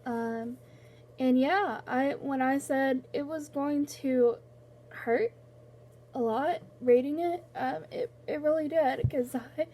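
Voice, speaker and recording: High-voiced young woman, rambling and tearful. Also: mellow. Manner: rambling, halting, full of fillers and restarts. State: tearful, on the verge of crying. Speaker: book vlogger. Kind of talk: casual vlog chat.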